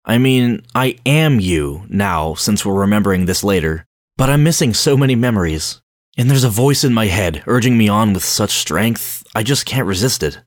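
A man's voice: lowish voice, lively intonation, moderate pace, dry recording, clean studio sound, close to an everyday voice. A man reading an audiobook, voicing the narrator's desperate, guilt-ridden male double in a shaken tone.

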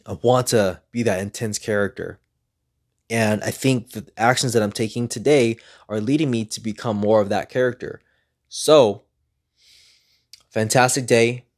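A man talking earnestly in a casual motivational vlog, rambling and repeating himself as he pushes himself on. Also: lowish voice. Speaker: vlogger.

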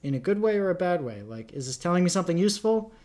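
A man's voice: high-pitched, big pitch swings, very fast, darkish tone. A young man from rural Canada, co-hosting a podcast in casual, rambling chat and laughing at himself often. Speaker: podcast co-host.

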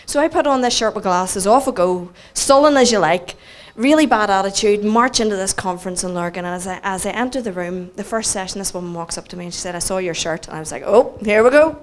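A woman with a Northern Irish accent telling a story in a sermon, animated and self-mocking, acting out the people she quotes. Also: medium pitch. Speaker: preacher.

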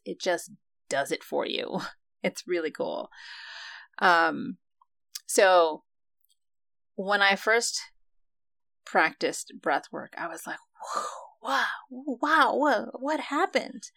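A woman casually telling a personal story about breathwork, reflective and animated, acting out her own past reactions with frequent fillers. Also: fairly low pitch, vocal fry, no echo.

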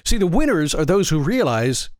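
A man's voice: on the high side, very animated, normal speed, dry recording, studio quality. A man giving a blunt, emphatic motivational monologue in a folksy, preaching way. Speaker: motivational speaker.

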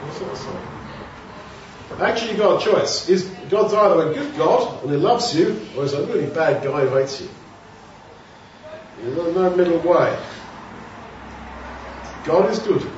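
Preaching in a conversational style, this high-pitched man speaks at normal speed with frequent pauses, asking rhetorical questions and voicing the people he quotes. The background is noisy, and the sound is dull and distant in a very echoey hall.

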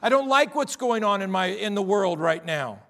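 Emphatic high-voiced preaching pastor. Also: male voice, expressive, vocal fry. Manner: emphatic, repetitive preaching with drawn-out stressed words; drops to quiet, weary tones mocking tired believers. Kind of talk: sermon.

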